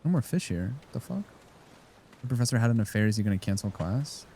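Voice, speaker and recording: A man's voice: medium pitch, sing-song, fast talker, dark tone, slight background noise. A man streaming a game, rambling and joking casually as he talks to his chat. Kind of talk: casual live-stream chat while gaming.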